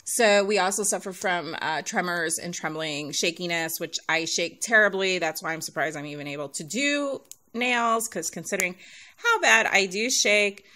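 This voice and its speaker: A woman's voice: fairly low pitch, normal speed, bright, forceful tone. A middle-aged woman talking casually to her viewers, rambling, sighing often and laughing between points, audibly out of breath as she speaks. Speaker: YouTube nail artist. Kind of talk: casual talk to camera.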